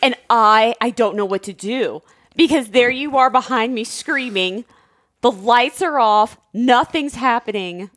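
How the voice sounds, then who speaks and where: A woman's voice: fairly high pitch, a little slow, fairly bright tone, no room sound. A woman co-hosting a casual chat, answering her husband's story with wry teasing. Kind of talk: casual conversation.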